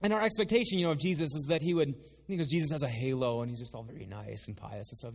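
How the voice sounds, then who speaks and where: A man preaching a sermon in a lively, conversational way with playful asides. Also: on the high side, fast talker, vocal fry. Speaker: pastor. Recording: long hall reverb.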